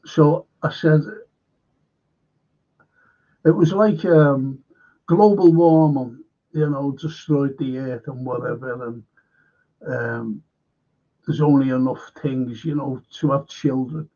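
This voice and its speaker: A man's voice: medium pitch, steady tone, slow, pauses often, mellow, dull audio. A man hosting a film and TV review livestream, talking bluntly and swearing often as he rambles on, frustrated and in pain. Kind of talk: casual livestream chat.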